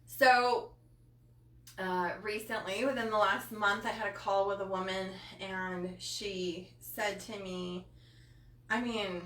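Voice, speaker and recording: A woman's voice: mid-range voice, steady tone, slow pace, a bit bright. A woman coach hosting a live talk to her viewers, passionate and emotional, with many fillers. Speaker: coach hosting a live body-image training. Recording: roomy sound from a distant mic.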